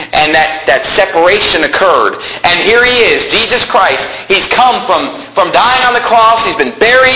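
A man preaching a fiery sermon, swinging between hushed passages and shouting, turning mocking and sarcastic. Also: high voice, reverberant, a little hiss or hum, poor audio.

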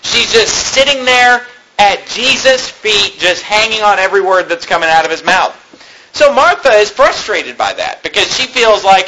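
A man's voice: high voice, expressive, normal speed, noisy background. A man preaching a sermon, reading scripture aloud and then explaining it in an earnest, conversational way. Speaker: pastor.

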